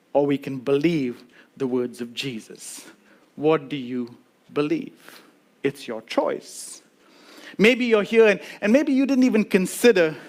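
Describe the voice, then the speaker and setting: A man with a fairly high voice preaches to his congregation as lead pastor. He drives his points home by repeating words and pausing for weight. Now and then he slips into quick imitations of skeptics before returning to his steady sermon. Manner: emphatic, repeats key words with dramatic pauses; acts out quoted voices of doubters.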